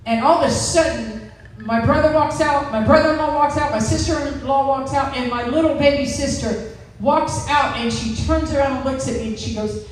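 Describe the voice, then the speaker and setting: High-voiced woman in her sixties, church testimony, emphatic storyteller, recorded from far off in a very echoey room with faint noise. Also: moderate pace. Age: 60s. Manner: emphatic storytelling, acting out quotes. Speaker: testimony speaker.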